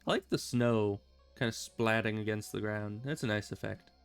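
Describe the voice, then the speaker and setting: Casual male game streamer, smooth clear voice, faint music underneath. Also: on the low side, moderate pace. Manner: chatty, rambling, self-amused. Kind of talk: casual gameplay commentary.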